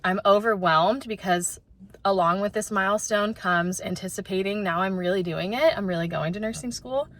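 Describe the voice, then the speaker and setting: A woman's voice: medium pitch, moderate pace. A young adult woman talking casually to camera as a vlogger, chatty and full of "like" fillers. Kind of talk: casual vlog chat. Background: loud background music.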